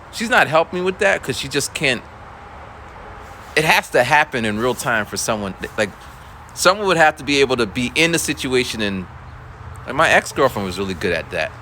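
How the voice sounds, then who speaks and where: Animated man rambling with bright voice. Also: medium pitch, a little hiss or hum. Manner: rambling, animated, with many restarts and voiced quotes. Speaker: school teacher. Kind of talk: casual storytelling monologue.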